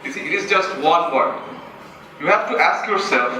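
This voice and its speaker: A man's voice: high voice, expressive, normal speed, pushed and bright. A young man from Bangladesh with a Bangladeshi English accent gives an earnest, self-deprecating motivational talk as a student speaker and asks the audience questions. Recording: echoey hall from far off.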